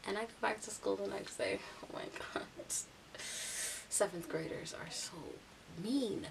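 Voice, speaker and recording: Gravelly young woman telling a story. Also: medium pitch, moderate pace. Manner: chatty, lively storytelling, acting out the voices of others. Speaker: vlogger. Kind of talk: casual storytime vlog. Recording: distant mic with steady hiss.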